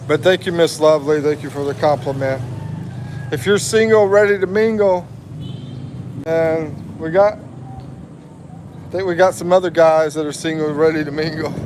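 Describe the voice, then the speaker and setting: A man's voice: on the high side, fairly even intonation, moderate pace, background noise. A man in his fifties from the USA, hosting a casual livestream, reading viewer comments aloud and laughing often. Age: 50s. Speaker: livestream host.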